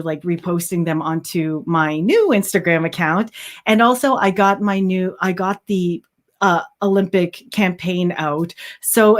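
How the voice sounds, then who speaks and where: Woman livestream host, casual and chatty, talks to viewers with frequent "like" and restarts. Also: mid-range voice. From Canada. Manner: chatty, many fillers and restarts, reads viewer comments aloud. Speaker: livestream host, handmade hat seller.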